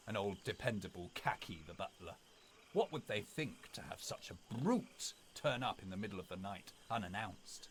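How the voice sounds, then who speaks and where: A man reading a spooky story aloud in a dramatic, expressive way. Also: deep voice, moderate pace, a little hiss or hum.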